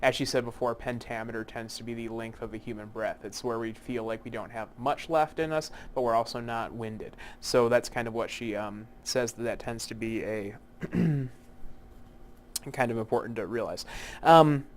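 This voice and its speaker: A man teaching poetic meter in an unscripted lecture, with many fillers and restarts, slowing down to spell out terms. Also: mid-range voice, a little hiss or hum. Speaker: literature instructor. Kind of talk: recorded lecture.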